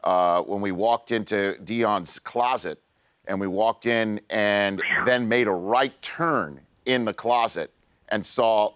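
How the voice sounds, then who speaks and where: A man hosting a sports talk radio show, asking a guest questions in a relaxed conversational way. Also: lowish voice, no room sound. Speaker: radio host. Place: radio studio.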